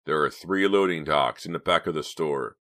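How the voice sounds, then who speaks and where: A man's voice: rumbling low, normal speed, sharp tone, no room sound, clean studio sound. A man voicing an impatient, bossy teenage boy who talks in a curt, exasperated way.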